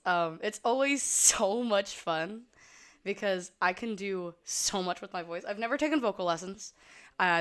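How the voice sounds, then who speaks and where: A young adult woman streaming from her computer, chatting casually, swearing freely and jumping between loud outbursts and low mumbles. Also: clean tone. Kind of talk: casual rambling stream chat. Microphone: desk mic at a computer.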